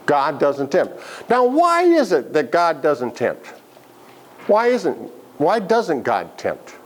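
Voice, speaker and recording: A man's voice: fairly high pitch, wildly swooping pitch, slow pace. A man leading a Bible study class, asking the group questions and making joking asides. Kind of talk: interactive Bible lesson.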